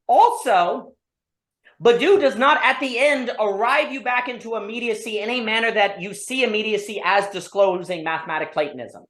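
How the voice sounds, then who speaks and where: A woman hosting an online discussion, thinking aloud about philosophy in an animated way, full of restarts and rhetorical questions. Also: medium pitch. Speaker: discussion host. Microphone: online call. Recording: roomy echo.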